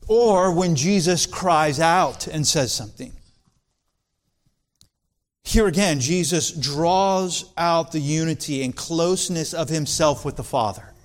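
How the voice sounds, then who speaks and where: Male pastor preaching, somewhat high pitch, earnest and intense. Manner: earnest preaching, rising intensity when quoting scripture. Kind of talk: expository sermon.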